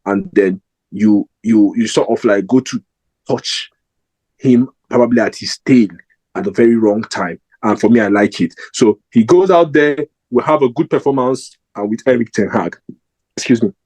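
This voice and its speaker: A man's voice: mid-range voice, moderate pace, darkish tone, rough recording. A young man giving his opinion in a casual football fan vlog, rambling and emphatic with lots of fillers and restarts.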